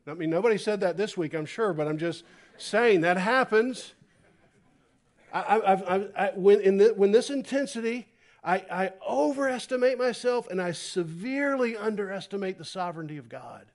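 A man preaching a sermon, dropping to a hush and then rising to near-shouts as he acts out a scripture story. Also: high-pitched, normal speed. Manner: animated, swings from hushed to loud. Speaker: pastor. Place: church.

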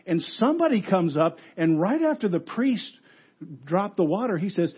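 A husky, fairly high-voiced man preaching a sermon, asking question after question and dropping from loud bursts to near-hushed asides. The recording is dull and lo-fi, like a church sound system captured on modest gear. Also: normal speed. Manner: animated, rhetorical questions, swings from loud to hushed. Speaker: pastor.

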